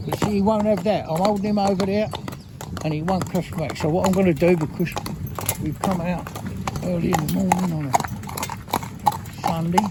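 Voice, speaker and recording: A man, a horse trainer, talks casually while working a horse out on a road, and he slips into soft, coaxing endearments for the animal. His voice sits a little high for a man. Loud outdoor noise and hoofbeats run behind him. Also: steady tone, normal speed, pauses often.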